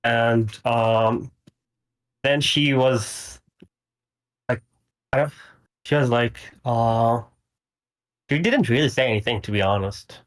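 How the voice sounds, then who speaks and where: A man's voice: medium pitch, slow pace, pauses often. A man calling into a stream, retelling events in a rambling, hesitant way and laughing often. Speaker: caller. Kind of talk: casual call-in retelling.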